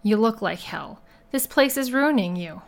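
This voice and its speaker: A woman's voice: fairly high pitch, expressive, measured pace, gravelly. Woman reading a cocky male private eye, dry, self-assured, audiobook. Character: cocky male private investigator, calm and bold.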